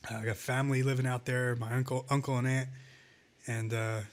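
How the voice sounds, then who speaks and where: A man's voice: mid-range voice, little pitch movement, a little fast. A man co-hosting a casual talk show, ranting sarcastically and swearing often. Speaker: podcast co-host. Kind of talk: casual profane chat.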